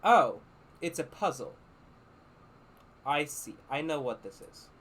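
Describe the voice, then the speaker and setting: A man's voice: a little high, unhurried, a bit bright, slight background noise. Man muttering through gameplay. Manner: thinks aloud, mutters to himself. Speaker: game streamer. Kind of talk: casual gameplay commentary.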